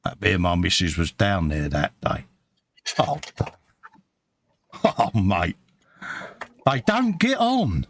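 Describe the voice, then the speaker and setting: Lively East End cockney bloke. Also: male voice, low voice, slow pace, long pauses, slight background noise. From East End of London. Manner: chatty, lively storyteller. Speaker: live stream co-host. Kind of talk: casual chat reading viewer comments.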